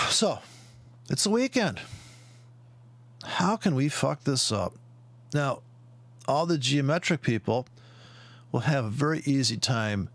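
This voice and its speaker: A man talks through trading charts in a loose, rambling way, swearing often and slipping into sarcastic asides. His voice sits in a middle pitch and sounds dry and close, with almost no room around it. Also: lively intonation, takes it slowly, pauses often, fairly bright tone, dry recording. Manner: profane, sarcastic, tangential, mocking asides. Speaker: market commentator. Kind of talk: rambling screen-share chart commentary.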